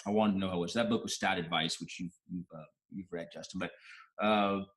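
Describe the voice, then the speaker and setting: A man's voice: sits low, fairly even intonation, fairly quick, a bit bright. Heartfelt man telling a personal story. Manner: heartfelt, emotional, many restarts. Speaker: interview guest.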